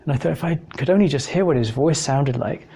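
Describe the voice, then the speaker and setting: Quick-paced and husky, an Englishman's medium-pitched voice has a dark tone and noticeable vocal fry. He's giving an informal talk on evidence for God, drawing on personal stories in a thoughtful, chatty style with frequent fillers.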